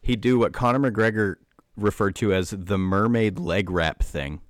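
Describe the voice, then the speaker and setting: Deep male guest, dry close-miked, keen explainer full of fillers. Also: measured pace, dry recording. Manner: enthusiastic explainer, many fillers like "um" and "like". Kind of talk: casual conversation.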